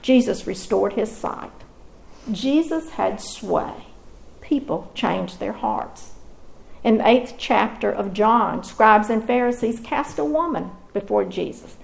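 A woman giving a scripted devotional Bible teaching in a measured, expressive storytelling manner. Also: medium pitch, gravelly, rough recording.

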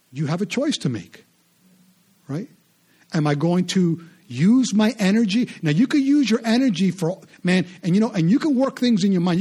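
Husky, high-voiced male preacher. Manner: animated preaching, repetitive and conversational. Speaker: pastor. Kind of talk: sermon.

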